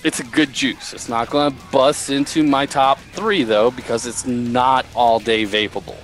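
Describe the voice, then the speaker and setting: A man on a casual live show reviewing products in a slow, rambling, profane way. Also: mid-range voice, steady tone, soft background music.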